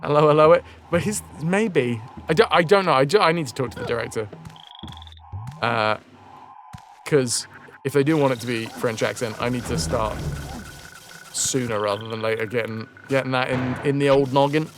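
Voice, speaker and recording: A man's voice: medium pitch, normal speed, long pauses, a bit bright, slight background noise. A man giving casual, joking gameplay commentary as a streamer, swearing freely.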